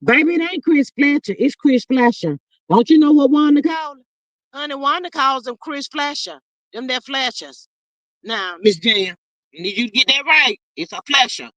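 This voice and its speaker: A woman with a high-pitched voice hosts a casual live stream, reading viewer comments aloud at a moderate pace and reacting with sass. She's animated and calls her viewers "child" and "honey." The recording is dry and muffled.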